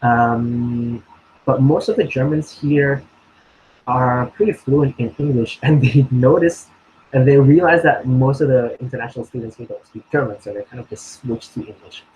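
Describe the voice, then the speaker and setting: A young man from Indonesia talks through questions in a relaxed chat. He pauses often, restarts his sentences and fills gaps with ums. A faint layer of noise sits under his voice. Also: mid-range voice, poor audio. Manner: hesitant, many ums and restarts, laughs often. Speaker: co-host answering questions. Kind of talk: casual conversational chat.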